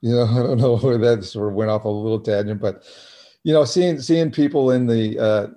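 A middle-aged man sharing his story on a video call, earnest and halting, full of fillers and restarts. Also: medium pitch, mellow. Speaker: recovery meeting speaker.

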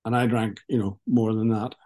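A man in his fifties giving a frank, wry, halting personal testimony at a recovery meeting over a video call. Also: on the low side, fairly even intonation, dark tone. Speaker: speaker sharing at a recovery meeting.

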